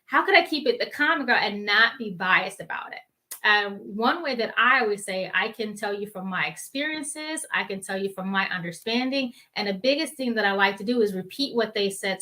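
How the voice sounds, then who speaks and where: With a sharp tone and fairly high pitch, this talk show panel co-host dispenses earnest advice during casual chat. She often quotes herself in little asides.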